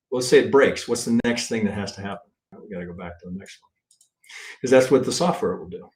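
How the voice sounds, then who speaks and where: Blunt, profane man reviewing trading charts. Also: on the low side. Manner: blunt and profane, keeps asking "right?"; thinks aloud, counts waves, restarts often. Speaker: trading instructor. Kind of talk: live-stream chart review.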